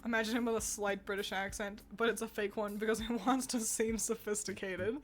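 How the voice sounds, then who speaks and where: A woman's voice: medium pitch, fairly even intonation, a little fast. A woman streamer in casual, rambling chat, laughing often as she reacts to fan art.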